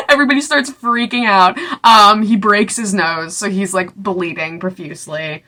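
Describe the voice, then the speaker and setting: A woman's voice: medium pitch, steady tone, moderate pace, hardly any pauses, sharp tone. A woman in her twenties casually recapping a book, with sarcastic and exasperated asides. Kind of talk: casual chat.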